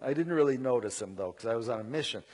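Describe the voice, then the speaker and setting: A middle-aged man telling a story to a live audience in an animated, conversational way with self-mocking asides. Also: mid-range voice, fast, breathy edge.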